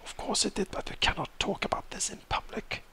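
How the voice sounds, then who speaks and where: Formal, guarded young male scholar, hushed and polite in a man's own voice, for a tabletop game. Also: mid-range voice, normal speed, lightly acted. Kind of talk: tabletop character voice.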